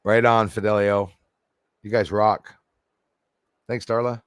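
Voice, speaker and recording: A man's voice: fairly low pitch, flat delivery, slow pace, smooth, no room sound, studio quality. A man hosting a casual livestream, reading comments aloud, laughing and poking fun at himself. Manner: laughing, self-deprecating, chatty. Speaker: livestream host reading chat.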